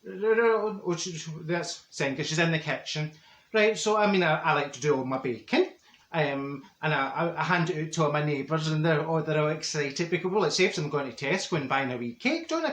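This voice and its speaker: A man's voice: fairly high pitch, lively intonation, a little fast, a bit bright. A man playing a chatty, self-satisfied middle-aged Glasgow woman with a broad Glaswegian accent, rambling through comic gossip in a roomy-sounding space. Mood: gossipy. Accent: Glaswegian Scottish. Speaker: comedy character vlogger. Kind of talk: character comedy monologue. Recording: roomy echo.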